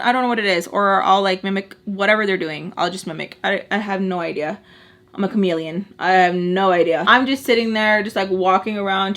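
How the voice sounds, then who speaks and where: A woman's voice: mid-range voice, fairly bright tone. A young woman telling a casual storytime as a vlogger, chatty and full of fillers, acting out the voices of the people she quotes.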